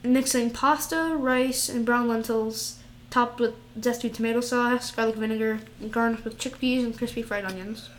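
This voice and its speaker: A woman's voice: a little high, steady tone, normal speed, few pauses, slight background noise. A woman in casual chat, reading out dishes with giggles and stumbling over foreign words.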